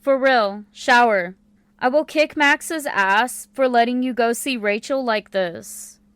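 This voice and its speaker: A woman reading a calm, blunt young woman of twenty in an audiobook, firm and matter-of-fact. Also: a little high, slow pace, clean tone, no echo. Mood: bossy, teasing.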